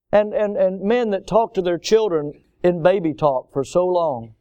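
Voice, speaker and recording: Emphatic preacher man, smooth resonant voice. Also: high voice, expressive, moderate pace, mellow, highs cut off. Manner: emphatic, repeating words for stress. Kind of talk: sermon.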